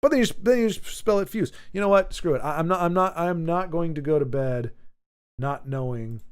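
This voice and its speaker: A man's voice: a little high, brisk, smooth. Playful man chatting on a stream. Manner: playful, jokey, answers chat aloud. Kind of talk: casual live-stream chat.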